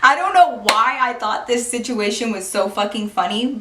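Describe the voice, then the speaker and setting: A young woman vlogger telling a personal story in a casual, animated way, swearing and laughing often. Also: a little high, normal speed, few pauses, a little hiss or hum. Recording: roomy, distant from the mic.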